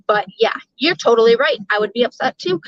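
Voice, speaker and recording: A woman's voice: a little high, lively intonation, fairly quick, dry recording. A middle-aged woman chatting casually with her live viewers, rambling, swearing freely and laughing often. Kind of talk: casual live-stream chat. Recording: dull, lo-fi sound.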